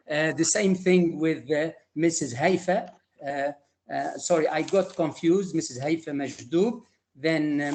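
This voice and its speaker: An older man giving emotional, halting closing remarks on a video call. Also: a little high. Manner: halting, many fillers and restarts. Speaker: retired teacher trainer.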